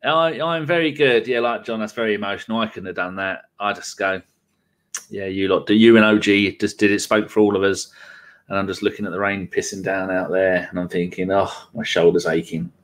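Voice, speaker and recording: A man's voice: lowish voice, steady tone, a little fast, fairly bright tone. A man from Manchester, a podcast guest chatting wryly and self-deprecatingly. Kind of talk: casual podcast chat.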